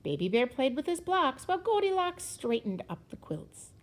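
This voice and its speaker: A woman teacher reading a children's story aloud in an expressive, sing-song way, sometimes dropping to a whisper. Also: high-pitched, normal speed, low-quality recording.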